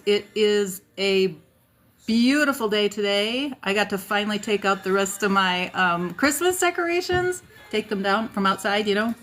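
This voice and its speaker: Her voice sits at a medium pitch with a slight brightness as this South Dakota woman runs a laid-back livestream. She welcomes viewers by name, rambles with fillers and side comments, and seems a little worn out from the day, with soft music in the background.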